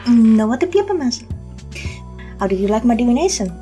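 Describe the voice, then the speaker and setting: A woman's voice: a little high, very animated, brisk, warm tone, soft background music. A woman voicing a quirky young female witch diviner in a game, with an exaggerated mock Russian accent. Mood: warm, playful.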